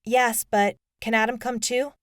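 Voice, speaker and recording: A woman's voice: a little high, little pitch movement, measured pace, no echo, voice pushed up, lightly acted. A woman voicing an upset, vulnerable teenage girl in an audiobook, speaking earnestly and close to tears. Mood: distressed. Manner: tearful, earnest pleading. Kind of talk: audiobook character voice.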